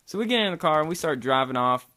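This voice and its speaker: A man's voice: fairly high pitch, lively intonation, fast, pushed and bright. A young man from Kentucky, casually telling a long, rambling story with lots of swearing. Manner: loose, rambling, swears a lot. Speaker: vlogger.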